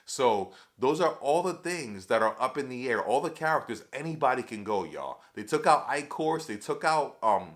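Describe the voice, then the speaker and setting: A man casually recapping a TV episode for his viewers, excitable and chatty, calling them y'all and acting out the characters' lines. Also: medium pitch, normal speed, hardly any pauses. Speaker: TV episode reviewer.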